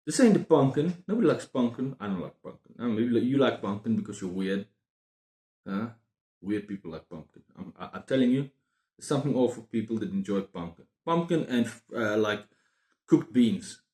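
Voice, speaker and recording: A man's voice: mid-range voice, expressive, moderate pace, darkish tone. A man talks casually to camera as a book vlogger, rambling through jokey asides and tangents. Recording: roomy echoing room.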